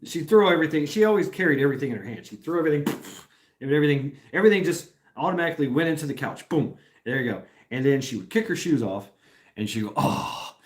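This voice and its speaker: A man's voice: fairly high pitch, expressive, fast. A middle-aged man from Tennessee hosting a casual live stream, rambling, swearing and laughing often as he reads comments.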